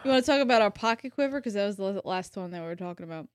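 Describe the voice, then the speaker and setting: A woman's voice: mid-range voice, very fast, no room sound, clean studio sound. Matter-of-fact woman co-hosting a podcast. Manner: relaxed, matter-of-fact, casual swearing. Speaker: podcast co-host. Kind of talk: casual chat.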